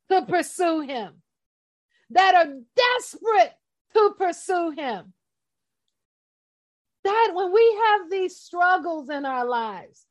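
Woman bible teacher, high voice, unhurried delivery, passionate and emphatic casual sermon. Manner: impassioned, emphatic, talks straight to listeners.

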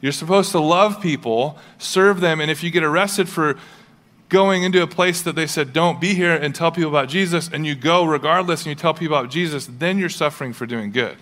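A young male pastor preaches with an easy, chatty delivery, slipping into quick impressions and wry jokes. His voice sits a little higher than most men's. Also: fairly bright tone. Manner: casual, conversational preaching with playful asides and acted-out quotes. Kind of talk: sermon.

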